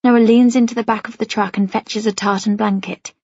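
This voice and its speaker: A woman's voice: a little high, fairly even intonation, a little fast, darkish tone, no room sound. A woman narrating a first-person novel as an audiobook, reading expressively and anxiously. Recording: dry, slightly dull studio sound.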